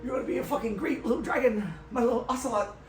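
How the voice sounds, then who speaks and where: A man's voice: extremely high pitch, fast talker, far from the mic, a little hiss or hum, voice pushed up. A man voicing a mad dragon-man father who croons and snarls at a baby, recorded on a phone from across a room. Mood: cooing. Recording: echoey room, phone from afar.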